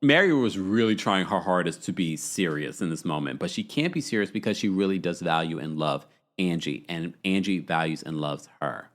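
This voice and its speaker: Guy hosting a live reality tv recap, low voice, reads chat comments out loud, laughs a lot, really animated. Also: normal speed, few pauses. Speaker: podcast host.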